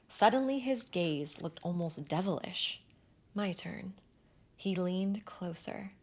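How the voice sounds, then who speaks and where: A woman narrating a first-person romance novel in an expressive, animated way with breathy asides. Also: mid-range voice, slow. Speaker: audiobook narrator.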